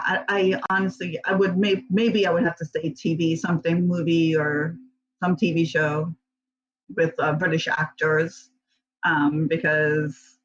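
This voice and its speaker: A woman's voice: sits low, highs cut off. A woman guest answering interview questions casually, rambling with many fillers and restarts and laughing often.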